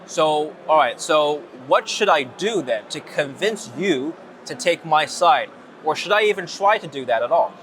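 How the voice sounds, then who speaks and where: Man, slightly higher voice, direct interview questions, outdoors, traffic sounds. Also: lively intonation, unhurried, a bit bright. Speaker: news anchor interviewer.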